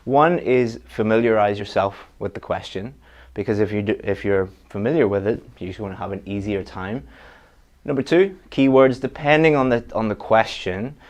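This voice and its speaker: Lower-voiced man teaching a test-prep lesson. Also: normal speed, a little mellow. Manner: direct, practical advice with frequent restarts. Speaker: IELTS teacher. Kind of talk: online lesson.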